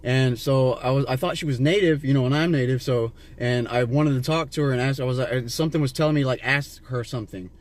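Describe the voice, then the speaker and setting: A man's voice: mid-range voice, brisk, hardly any pauses. A man from Las Vegas rambles to a stranger from inside his car, swearing and padding his story with fillers and restarts while his camera records. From Las Vegas, USA. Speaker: vlogger filming a street encounter. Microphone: handheld camera inside the car.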